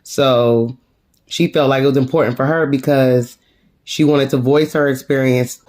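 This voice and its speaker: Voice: medium pitch, steady tone, a little slow, darkish tone. A sassy reality TV reviewer giving a casual, slangy recap full of laughter.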